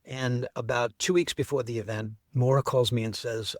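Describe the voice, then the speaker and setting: A middle-aged man telling the story of how he built an event, as an interview guest, with lively enthusiasm. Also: mid-range voice, a little fast, few pauses, dry recording, clean studio sound.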